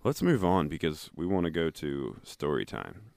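Low-voiced man teasing his co-host. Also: sing-song, normal speed, gravelly, a little mellow, dry recording. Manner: teasing, dry asides. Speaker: podcast co-host. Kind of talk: casual chat.

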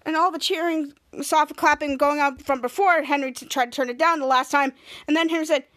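A woman's voice: high-pitched, a little fast, fairly bright tone. A woman hosting a podcast, casually recapping a TV episode and acting out the characters' lines as she goes. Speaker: podcast host.

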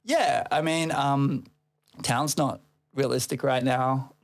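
Aussie guy on a podcast, gravelly voice, laughs a lot, slangy and loose. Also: mid-range voice, steady tone, slow. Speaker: event organizer, guest. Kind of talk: casual podcast chat. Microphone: headset microphone.

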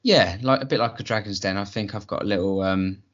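A man on a comedy podcast, hesitant and sheepish, pitching his case. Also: brisk, fairly bright tone. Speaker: podcast co-host. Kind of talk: comic podcast banter. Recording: slightly dull lo-fi.

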